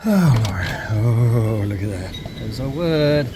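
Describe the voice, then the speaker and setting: An unhurried man in the middle of a mid-range voice, rambling and chatty as he films. He talks to the camera and to his animals as he goes, and the phone recording carries a steady wash of loud outdoor noise. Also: mid-range voice. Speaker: vlogger. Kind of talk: casual filmed commentary. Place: outdoors in a blizzard, then indoors at home.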